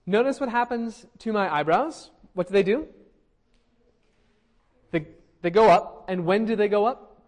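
A man's voice: high voice, lively intonation, moderate pace, pauses often, a little mellow. A young man teaching a linguistics class, explaining patiently and often checking in with students, with frequent ums. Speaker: linguistics instructor. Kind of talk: classroom lecture.

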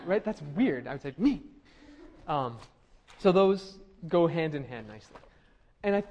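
A man's voice: fairly high pitch, a little mellow. A man giving a classroom lecture, conversational, with frequent fillers and restarts, asking the class questions. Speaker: university lecturer.

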